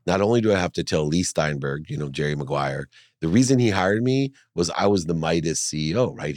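Deep-voiced man telling a heartfelt story. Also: dry recording, clean studio sound. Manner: earnest, animated, acts out his mother's voice in dialogue. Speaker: guest, entrepreneur and speaker. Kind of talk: emotional storytelling in a podcast interview.

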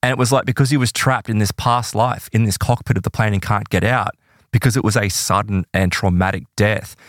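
A man casually telling a case story in conversation, animated and acting out the voices of people he quotes. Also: fairly quick, no echo, clean studio sound. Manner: animated, acts out quoted voices with big pitch jumps. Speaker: podcast guest telling case stories.

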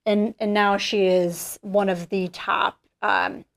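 A woman podcast host and business founder telling a story in casual chat, animated and full of "like", swearing freely. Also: medium pitch, slow pace, vocal fry.

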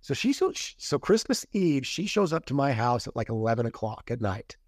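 A man's voice: medium pitch, very animated, moderate pace, no echo. Male podcast guest, casual storyteller, mid-range voice, dry close sound. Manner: rambling retelling with quoted dialogue and restarts.

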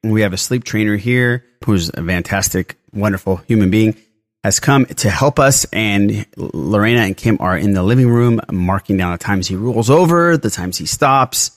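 Podcast host, male, thirties; lowish voice, dry close sound, chatty delivery. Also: animated, dry recording. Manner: chatty, runs through plugs and news quickly. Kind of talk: casual podcast chat.

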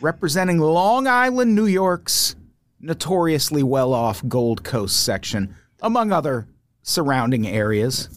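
A man's voice: a little high, very animated, measured pace. A man hosting a comedy podcast over a remote call, sarcastic and mock-exasperated in his banter. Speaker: podcast host.

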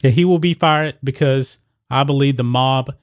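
A man's voice: mid-range voice, moderate pace, dry recording. Guy ranting about sports news to his viewers, reads quotes out, trips on words, dead dry room. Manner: reads news quotes aloud with stumbles and restarts. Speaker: sports commentary host. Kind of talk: casual sports opinion talk.

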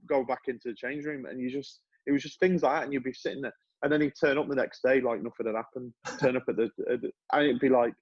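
A man's voice: medium pitch, fast, breathy edge, no room sound, highs cut off. A man, a former footballer, talking casually as a podcast guest, telling stories with many restarts. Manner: relaxed storytelling with many restarts.

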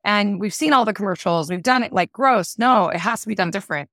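A woman's voice: medium pitch, a little fast, a bit bright, no echo, studio quality. A woman hosting an interview, talking in an enthusiastic, chatty way with many fillers. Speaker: podcast host. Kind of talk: casual interview conversation.

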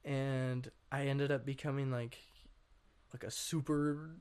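A young man, a guest on an interview show, telling his story in a rambling, casual way, full of fillers and frequent throat clearing. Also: medium pitch, level tone, slow, darkish tone. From Washington state. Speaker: guest artist.

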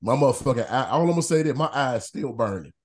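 A man's voice: medium pitch, animated, fast. A man in casual chat, joking expressively and with profanity among friends.

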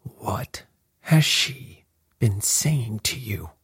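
A man voicing a fierce, furious old man who snarls and shouts, with a husky voice. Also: lowish voice, slow pace, dry recording, studio quality, exaggerated voice.

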